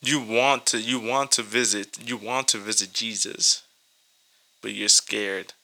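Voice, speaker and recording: A man's voice: on the low side, steady tone, a little slow, sharp tone, poor audio. A man reading scripture and preaching in an informal online sermon, emotional and near tears, repeating words and calling listeners "guys.".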